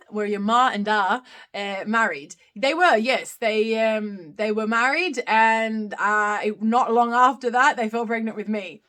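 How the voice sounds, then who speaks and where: A woman's voice: medium pitch, fairly bright tone. A woman in her thirties with an Australian accent, hosting a casual live-stream Q&A where she reads out comments and answers them, often giggling. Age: 30s. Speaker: live Q&A host.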